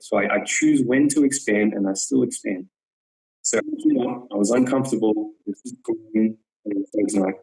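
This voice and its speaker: A man with a somewhat low, gravelly, darkish voice coaches archery technique in an online webinar. Speaking briskly with fairly even intonation, he earnestly repeats words to drive points home and often checks in with "yep." The recording is rough.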